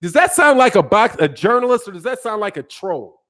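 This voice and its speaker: A man with a fairly high speaking voice hosts a boxing live stream. He talks in emphatic, repetitive bursts, stressing each point twice over between viewer chat messages. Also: big pitch swings, a little fast, a bit bright. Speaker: boxing channel host. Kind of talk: live-stream commentary reading viewer chats.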